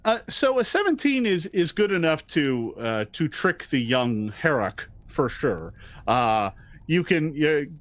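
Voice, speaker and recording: A man narrating as game master of a tabletop game, halting and full of restarts. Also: on the high side, big pitch swings, no echo. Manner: hesitant, full of fillers and restarts.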